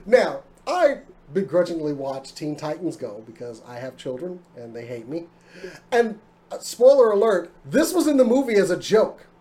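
A man's voice: sits high, dark tone. A man in his thirties hosting a podcast in casual chat, rambling and jokey, often stopping to restart his sentences. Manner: rambling, jokey, self-interrupting. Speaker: podcast host.

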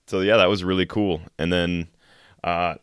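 A man's voice: low voice, steady tone, moderate pace, smooth, dry recording, studio quality. A man co-hosting a podcast from home, talking in a laid-back, hesitant way with many fillers. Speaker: podcast co-host. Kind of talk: casual podcast chat. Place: home room.

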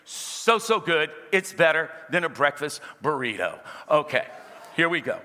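A man's voice: a little high, sing-song, unhurried, pushed and bright. A man preaching a sermon, telling his own story and calling on the congregation to repeat key phrases back to him. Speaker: pastor. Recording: long hall reverb.

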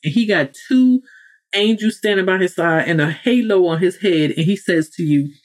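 A podcast host with a fairly low voice speaks at a normal speed through a motivational monologue. She lectures the listener directly and often stops to correct herself or add an aside.

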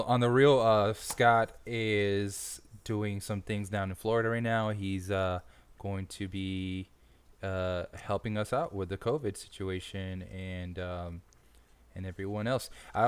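A man hosting a casual podcast interview, an animated storyteller who swears freely and laughs often. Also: lowish voice, clean tone. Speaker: podcast host and firefighter.

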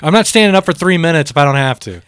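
A man's voice: fairly high pitch, racing, smooth, no echo. A man co-hosting a podcast, telling concert stories in a casual, profane way. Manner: profane, animated storytelling. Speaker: podcast co-host. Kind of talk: casual chat.

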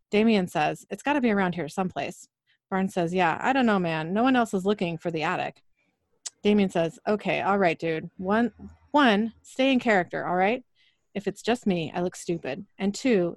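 A woman's voice: lowish voice, darkish tone, no room sound. Woman recapping a tv episode, reads the lines out, dead dry sound. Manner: narrates scenes briskly, laughs often. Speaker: podcast co-host recapping episodes. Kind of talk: casual recap with read-out dialogue.

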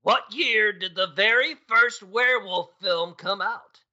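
A man's voice: sits high, measured pace, sharp tone, lo-fi sound, heavily acted. A man playing a goofy male skeleton who hosts a trivia quiz, with jokey absurd asides. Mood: playful. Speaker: quiz host.

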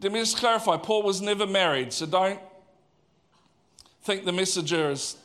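A male pastor delivering a sermon with a high voice. He talks animatedly and conversationally, putting questions to the congregation. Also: moderate pace, a bit bright.

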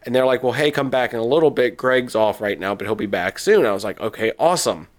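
A man's voice: mid-range voice, animated, quick pace. A man, a podcast host, telling a long rambling story in casual chat and laughing often.

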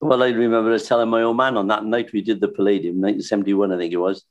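An older man, a singer and entertainer, reminiscing in casual chat with animated, laughing anecdotes. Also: fairly low pitch, rapid-fire. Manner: anecdotal, animated, laughs while telling stories.

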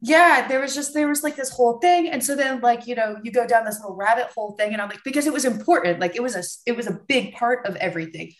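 A woman hosting a podcast, telling lively stories and swearing freely. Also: a little high, fast talker, hardly any pauses. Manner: animated storyteller, swears freely. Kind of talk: casual podcast chat. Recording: roomy echo.

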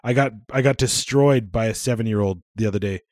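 A man's voice: lowish voice, a little fast, a little mellow, no echo, clean studio sound. A man co-hosting a podcast in casual chat, swearing freely and laughing often. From Canada. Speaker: podcast co-host.

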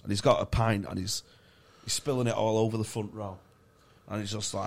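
A man's voice: on the low side, fairly even intonation, a little fast, gravelly. A male stand-up comedian, swearing freely as he tells a story in casual podcast chat.

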